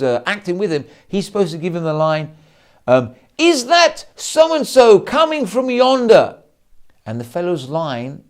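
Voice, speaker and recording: A rabbi preaches in a high, lively voice that rises and falls constantly. He tells stories with restarts and short asides. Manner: animated, acts out quotes, many restarts. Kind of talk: sermon storytelling.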